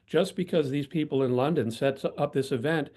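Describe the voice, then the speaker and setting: An older man, a guest in an interview, telling self-deprecating anecdotes in a reflective, steady way. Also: a little high, moderate pace. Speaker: guest, PR professional. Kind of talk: storytelling in interview.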